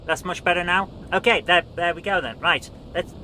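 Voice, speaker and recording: A man's voice: sits high, steady tone, normal speed, sharp tone, slight background noise, rough recording. A British man hosting a live stream, chatting casually and grumbling while he fiddles with his audio settings.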